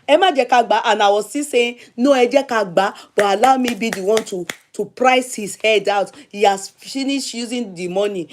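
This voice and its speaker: A woman with a Nigerian accent, hosting a show and telling a long personal story in a casual, chatty, animated way, repeating herself for emphasis. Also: mid-range voice. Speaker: show host.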